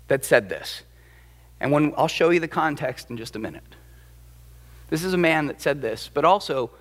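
A man's voice: high-pitched, fairly bright tone. A man preaching a sermon as pastor, emphatic and dramatic, acting out the quotes he cites. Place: church sanctuary. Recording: long reverb of a large hall.

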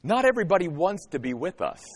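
A man preaching a sermon as a pastor, emphatic and animated, with dramatic pauses. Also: high-pitched. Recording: long hall reverb.

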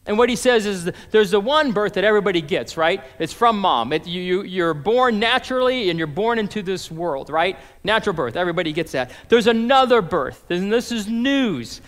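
A man's voice: sits high, lively intonation, normal speed, few pauses, fairly bright tone, big-room sound. A man preaching a sermon as pastor, conversational, acting out scripture dialogue in casual modern phrasing.

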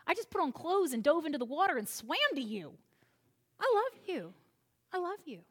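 An earnest, hurt fisherman pleads and insists on his devotion, as a woman preacher acts him out. The voice is a touch high. It is part of a sermon's storytelling. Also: sing-song, normal speed. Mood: pleading. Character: earnest hurt male fisherman, eager to please.

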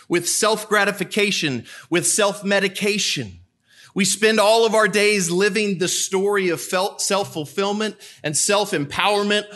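A man's voice: sits high, a bit bright. A man, a priest, preaching a sermon in a church, asking rhetorical questions and repeating them for emphasis.

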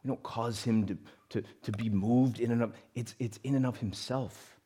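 A man preaching a sermon to a congregation, moving between loud emphatic lines and quiet conversational asides. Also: mid-range voice, steady tone, normal speed, breathy edge. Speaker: pastor.

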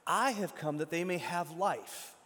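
A man preaching in a big hall acts out the words of Jesus as a calm, commanding teacher, with a long echo around him. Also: a little high, unhurried. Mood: declaring.

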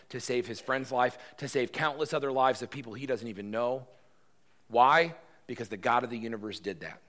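A pastor giving a sermon in an animated, conversational storytelling manner. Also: male voice, medium pitch.

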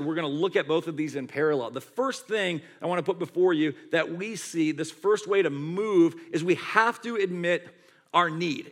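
A middle-aged man preaching a sermon in a conversational, animated storytelling way, acting out quotes as he goes. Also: on the high side. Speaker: pastor.

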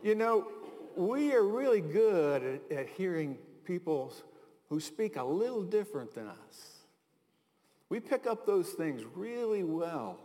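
A man's voice: high voice, sing-song, slow pace, mellow. A middle-aged American man preaching a sermon as pastor, in a chatty storytelling way with asides and chuckles. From United States. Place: large hall. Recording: long hall reverb.

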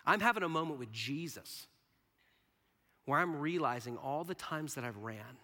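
Man, preacher, sermon, very bright forceful tone, whispers then bursts out, long hall echo. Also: on the high side, normal speed. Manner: animated, swings from hushed whispers to loud bursts, laughs often. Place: large hall with a live audience.

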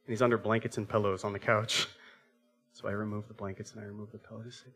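A man's voice: fairly low pitch, steady tone, quick pace, pauses often, a bit bright, breathy edge. A man in his thirties preaching a sermon as pastor, telling a family story with acted-out voices and asking the congregation rhetorical questions.

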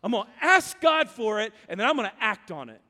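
A man from Louisiana preaching a sermon, telling stories and swinging between loud urgent calls and hushed, low passages. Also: very animated, a little fast. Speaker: pastor. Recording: long hall reverb.

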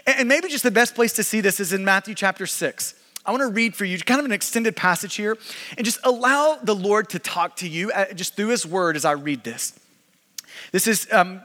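A man in his thirties preaching a sermon as pastor, animated, swinging from loud emphasis to hushed intensity, in a church sanctuary. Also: sits high. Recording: long reverb of a large hall.

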